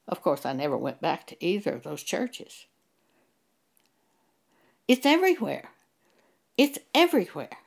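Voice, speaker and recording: Gravelly-voiced woman preaching with emphasis. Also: fairly low pitch, sing-song, measured pace, pauses often, darkish tone. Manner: emphatic, cites scripture, rhetorical questions. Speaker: Bible teacher. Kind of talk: preaching monologue.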